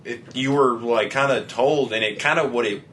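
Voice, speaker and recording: A man's voice: medium pitch, moderate pace, fairly bright tone, slight background noise. A man co-hosting a casual podcast chat, swearing often and laughing a lot. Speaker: podcast co-host.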